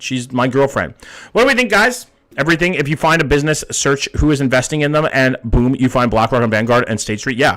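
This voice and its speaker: A man's voice: medium pitch, a bit bright. A young man hosting a live stream, chatting casually with viewers, reading chat aloud and swearing often. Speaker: livestream host reading chat.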